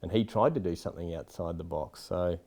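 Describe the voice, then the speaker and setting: A man's voice: low-pitched, fairly quick, darkish tone, husky. An Australian man, a film director, giving frank, rambling interview answers with many asides. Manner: rambling, frank, lots of "you know".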